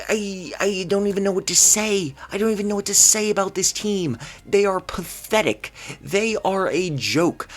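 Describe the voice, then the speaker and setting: A man's voice: sits high, fairly bright tone. A man vlogging basketball commentary in a solo rant, exasperated and incredulous, firing off rhetorical questions and stammering when flustered.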